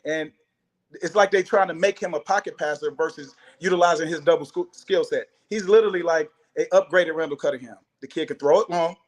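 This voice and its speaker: A man makes emphatic arguments in casual sports talk, leaning on numbers and repeating his point. His voice sits slightly high. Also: brisk.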